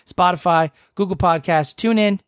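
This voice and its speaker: A man's voice: high-pitched, moderate pace, clean tone, no echo, clean studio sound. Joking young male podcast host. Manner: joking, rambling. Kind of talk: casual chat.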